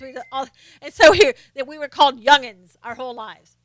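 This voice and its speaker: A woman's voice: high-pitched, bright, forceful tone, no echo. A woman from North Carolina with a faint Southern accent, hosting a live stream and chatting casually while reading viewer comments, laughing often. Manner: chatty, laughs often, slows down to mimic quotes.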